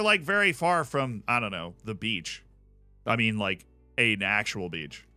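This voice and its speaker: A man's voice: mid-range voice, sharp tone, dry recording. An American man chatting casually and rambling on his live stream, reacting aloud to the game as he plays. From United States. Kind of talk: casual live-stream chat while gaming.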